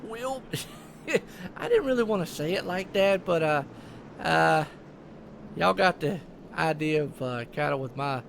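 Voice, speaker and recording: A man's voice: fairly high pitch, expressive, unhurried, gravelly, fairly bright tone, slight background noise. A man with a Southern US accent giving live commentary on an online sim race in a folksy, chatty way. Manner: folksy, chatty, lots of "I tell you what" and "y'all".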